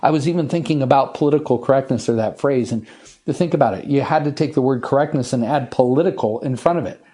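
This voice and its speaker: A man preaching an expository sermon, earnest and emphatic, slowing down to stress the scripture he reads. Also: mid-range voice, warm tone. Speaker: pastor.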